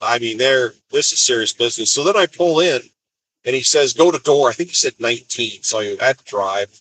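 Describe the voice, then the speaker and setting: A man's voice: mid-range voice, fairly quick, fairly bright tone, dry recording, poor audio. Wry man rambling from his van. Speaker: expedite van driver. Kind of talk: casual storytelling live stream. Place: inside his van on the road. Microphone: phone.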